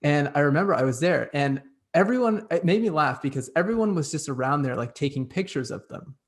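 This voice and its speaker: Gravelly-voiced young male host. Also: fairly high pitch, expressive, a little fast. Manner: chatty, upbeat, lots of "like". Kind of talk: casual chat.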